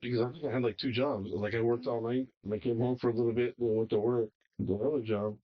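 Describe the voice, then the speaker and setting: A man's voice: mid-range voice, steady tone, quick pace, dull audio. A man co-hosting a casual chat, laid-back with slangy interjections. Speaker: podcast co-host.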